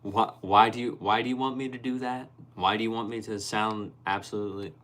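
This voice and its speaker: A man's voice: fairly low pitch, fairly even intonation, brisk, fairly bright tone. A young man hosting a casual livestream, reading viewer comments aloud and laughing often. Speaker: livestream host reading chat. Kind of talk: casual live-stream chat.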